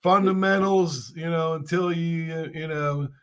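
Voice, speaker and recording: Hoarse older man hosting. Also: a little high, fairly even intonation, fairly bright tone. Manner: chatty, halting with fillers. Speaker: host. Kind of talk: casual talk-show interview.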